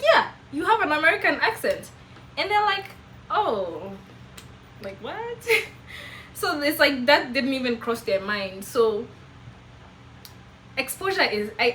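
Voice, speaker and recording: A young Kenyan woman with a Meru accent, whose first language is Kimeru, chatting casually to camera in an animated way and laughing often. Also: on the high side, slight background noise, rough recording. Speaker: vlogger.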